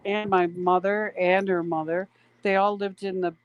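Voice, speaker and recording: A woman's voice: medium pitch, little pitch movement, smooth, lo-fi sound. A woman co-hosting a casual late-night livestream, chatting and reading viewer comments aloud. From Canada. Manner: chatty, drawn-out, reads chat aloud. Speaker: stream co-host.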